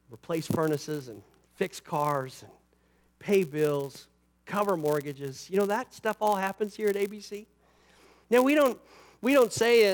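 A man with a fairly high voice delivers a sermon from the pulpit. He drops into easy asides, then lifts his voice and slows down to drive a point home. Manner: rises and falls for emphasis, slows on scripture; conversational asides with "you know" and "right". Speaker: pastor.

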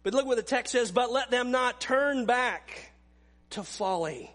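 Male pastor, high-pitched, emphatic sermon delivery with hushed asides. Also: expressive, unhurried, faint music behind.

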